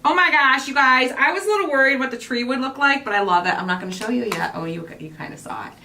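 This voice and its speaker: A woman chats casually while crafting, gushing and rambling. Her voice is animated and fairly high. She sits a little away from the mic, with a faint hiss underneath. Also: quick pace. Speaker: craft show host. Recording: distant mic with faint noise.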